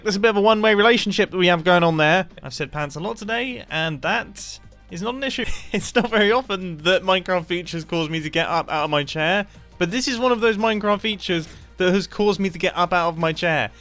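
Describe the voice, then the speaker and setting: Excitable man, high and quick. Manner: playful, excitable, self-mocking. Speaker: Minecraft video creator. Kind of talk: casual gameplay commentary.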